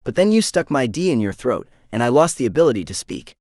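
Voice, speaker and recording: Easygoing flirty shifter guy, voiced by a man, lively teasing delivery, dry close mic. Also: mid-range voice, fast talker, no room sound. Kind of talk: audiobook character voice.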